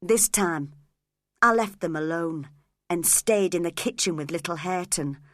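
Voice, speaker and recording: A woman narrating a graded story for English learners, clear, expressive and deliberate. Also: fairly low pitch, dry recording, clean studio sound.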